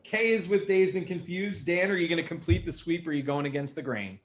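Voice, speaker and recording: A man's voice: fairly high pitch, a little fast. Laughing male host with light noise. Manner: laughing, loose and profane. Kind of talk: livestream panel hosting.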